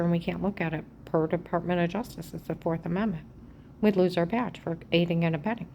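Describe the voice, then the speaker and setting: In a lowish voice, a woman vlogging to camera works through an agitated, aggrieved monologue that wanders from claim to claim. Much of it slips into a hushed half-whisper, with slight background noise behind her.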